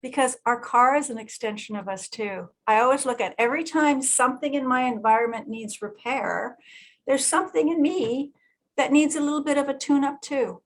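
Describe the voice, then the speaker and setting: High-voiced, animated woman leading a group. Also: normal speed. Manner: animated storyteller who acts out quoted voices and laughs often. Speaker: energy healer leading a group meditation session. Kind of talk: casual group talk with guided breathing.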